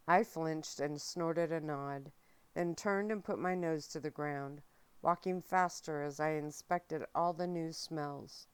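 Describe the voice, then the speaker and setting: Low-pitched woman for a soft, slow ASMR book reading, smooth tone, close mic. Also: dry recording. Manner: soft, steady, unhurried narration. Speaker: audiobook reader.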